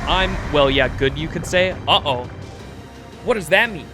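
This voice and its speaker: A man streaming a game live, reacting loudly and greeting his chat. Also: fairly high pitch, expressive, normal speed. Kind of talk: live gameplay commentary. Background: background music.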